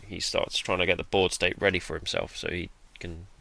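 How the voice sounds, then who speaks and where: Gravelly low-voiced man. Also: flat delivery, fairly quick, sharp tone. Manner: laid-back and self-deprecating, with mild swearing. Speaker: card game player commentating his match. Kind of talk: casual gameplay commentary.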